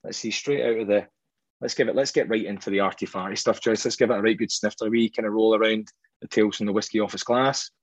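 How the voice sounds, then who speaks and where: A man's voice: on the low side, steady tone, quick pace, no room sound, dull audio. A Scottish man hosting a whisky tasting, chatting casually in a jokey, self-deprecating way. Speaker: host of a whisky tasting show.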